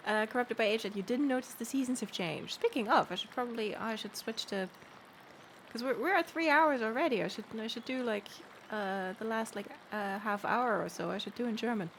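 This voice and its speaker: A woman streamer chatting casually and joking as she plays, with a fairly high voice. Her talk is loose and playful, and there is steady background noise in the recording. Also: a little fast. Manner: joking, chatty, reads game text aloud. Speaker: game streamer. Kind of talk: casual let's play commentary.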